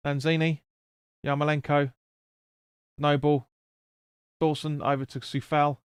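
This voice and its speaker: A man's voice: on the high side, little pitch movement, measured pace, smooth, no room sound, studio quality. A man streaming a football watch-along, calling the play and answering chat bluntly with swearing. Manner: blunt, sweary, chatty with viewers. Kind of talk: live match commentary and chat reading.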